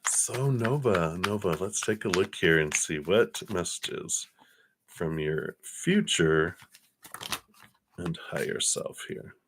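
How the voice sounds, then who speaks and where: Low-voiced man giving a tarot reading. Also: takes it slowly, noisy background. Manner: relaxed, laughs often, reads viewer names and thanks donors. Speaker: tarot card reader. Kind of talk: live-stream tarot reading.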